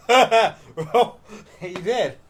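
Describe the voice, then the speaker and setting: A man's voice: high voice, lively intonation, drawn-out words. Laid-back man chiming in casually. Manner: laid-back, profane interjections. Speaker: podcast co-host. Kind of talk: casual chat on a live stream.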